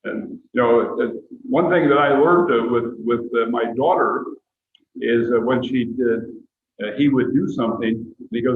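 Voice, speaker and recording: A man's voice: mid-range voice, moderate pace. An older man leading a church Bible class and closing in prayer, talking earnestly with many fillers. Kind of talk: sermon-like class talk and prayer. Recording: tinny echoey room recording.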